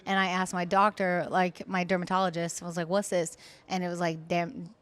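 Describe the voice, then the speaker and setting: A woman in her thirties hosting a podcast in casual chat, gushing and excitable, laughing often. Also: lowish voice, brisk. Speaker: podcast host.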